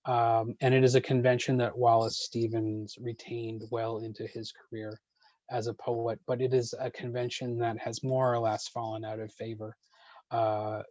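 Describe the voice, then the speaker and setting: A man of middle pitch runs an online poetry workshop, answering questions in a measured way with many ums and uhs. His voice comes over a video call, dry and slightly muffled. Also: darkish tone, no room sound.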